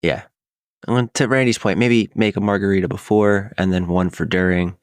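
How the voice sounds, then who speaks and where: A young man co-hosting a podcast in relaxed, agreeable casual chat. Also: fairly low pitch, moderate pace, no echo, studio quality. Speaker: podcast co-host.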